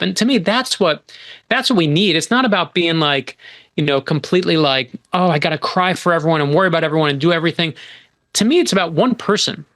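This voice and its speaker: A guest author in his forties, with a voice on the high side, tells stories in an animated, emphatic way during casual podcast conversation.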